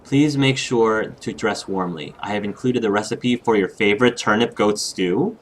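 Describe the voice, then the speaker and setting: A man voicing a doting mother's letter to her daughter, read slowly and tenderly. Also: lowish voice, natural voice. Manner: slow, tender letter reading.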